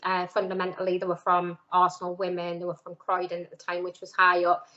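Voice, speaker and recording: A woman's voice: lowish voice, fairly quick, lo-fi sound. A middle-aged woman with a Geordie accent, a former footballer chatting through her early career in an interview, full of "um"s and quoted voices. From North East England. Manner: chatty, lively quoting of others, many "um"s and "like"s. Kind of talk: casual storytelling interview.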